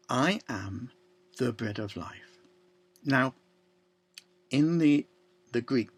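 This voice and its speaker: A man preaching a sermon, slow and deliberate, with long pauses and quiet drops to a near-whisper. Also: mid-range voice, vocal fry, slightly rough. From Ireland.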